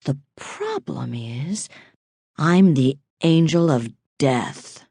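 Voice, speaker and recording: Woman voicing a husky, slow-talking male killer. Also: sits low, dry recording, full character voice. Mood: eerily calm. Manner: taunting, eerily calm then snapping. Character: menacing middle-aged male killer, cold and unhinged. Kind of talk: audiobook character voice.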